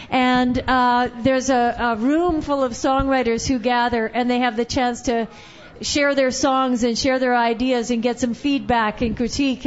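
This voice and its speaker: A woman with a high voice hosts a songwriters' night, chatting casually and teasing from the stage. The live recording sounds a bit dull and muffled.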